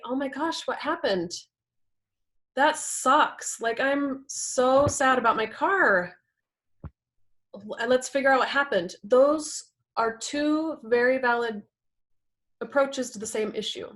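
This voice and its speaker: A woman teaching a talk on communication in relationships, earnest, often acting out quoted partners. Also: a little high. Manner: earnest, acts out quoted partners in lively voices. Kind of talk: presentation talk with slides.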